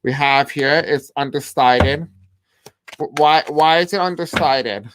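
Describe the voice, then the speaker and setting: A person giving a tarot reading to their viewers in a halting way, often pausing and repeating the same phrases while laying out cards. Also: medium pitch, background noise. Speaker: tarot reader. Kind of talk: casual tarot reading to camera.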